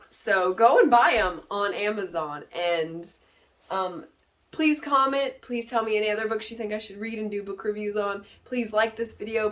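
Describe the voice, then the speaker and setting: A woman's voice: mid-range voice, a bit bright. A woman reviewing books on her channel, gushing with enthusiasm and wandering into playful asides. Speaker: book reviewer and author. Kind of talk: casual book review vlog.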